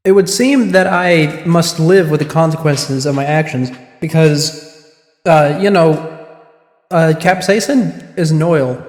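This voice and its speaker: A chatty male streamer rambles casually while playing a courtroom game, quick to make fun of himself in his livestream commentary. His slightly high voice rings out in a roomy space with a long, echoing reverb.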